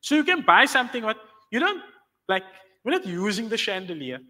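A man with a high, bright, forceful voice teaches a class on Islamic law, his pitch swinging widely as he speaks briskly in a big-sounding room. He explains patiently and keeps checking whether the students follow, often through rhetorical questions.

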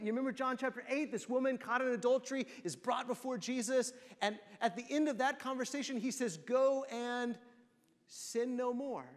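Preacher with a high voice in a church hall. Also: male voice. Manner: asks the congregation rhetorical questions. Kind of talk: sermon. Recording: long church hall reverb.

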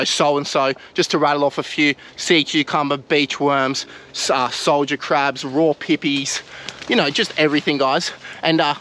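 Excitable Australian man vlogging outdoors. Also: fairly high pitch. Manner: excitable, slangy, swears mildly, addresses viewers as guys. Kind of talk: casual vlog narration to camera. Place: outdoors in mangrove mud flats.

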